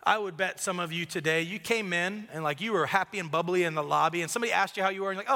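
A young man with a high, bright voice preaches an earnest, conversational sermon. His talk is casual and full of "like". He speaks in a large church auditorium, and a long reverb trails after each line. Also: fast, few pauses. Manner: earnest, casual, many filler "like"s.

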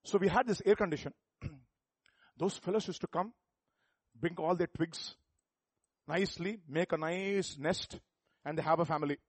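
A middle-aged pastor, preaching a sermon full of rhetorical questions that builds to emphatic peaks. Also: male voice, a little high, moderate pace, long pauses, slightly rough, dry recording.

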